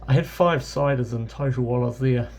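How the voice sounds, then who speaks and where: A fast-talking man with a mid-range, darkish voice, a travel vlogger from New Zealand, recounts a casual travel story in his New Zealand accent. He rambles anecdotally, correcting himself repeatedly and leaning on fillers.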